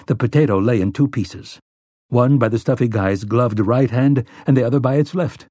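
A man narrating an audiobook in a measured, steady storytelling manner. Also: medium pitch, breathy edge, dry recording, studio quality. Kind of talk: scripted narration.

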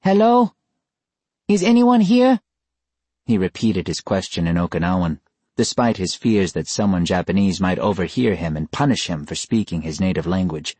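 A man reading a novel aloud in measured, scripted narration. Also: low-pitched, darkish tone, slightly rough, dry recording. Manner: measured storytelling. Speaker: audiobook narrator.

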